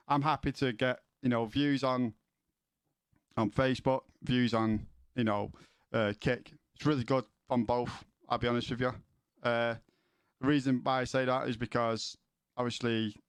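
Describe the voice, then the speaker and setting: A man talks loosely to his stream audience, swearing freely and tripping over the starts of his sentences. His voice sits in an ordinary middle pitch. The sound is dry and close, with no room echo. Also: little pitch movement, a little slow, pauses often, clean tone. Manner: sweary, rambling, repeats words when starting. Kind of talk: casual chat with viewers.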